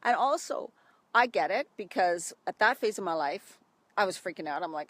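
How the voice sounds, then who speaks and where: A woman's voice: on the low side, expressive, normal speed, fairly bright tone, dry recording. A middle-aged woman, a health coach, talking casually outdoors by a stream and acting out worried inner voices. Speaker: health coach for women over 40. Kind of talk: casual live video talk.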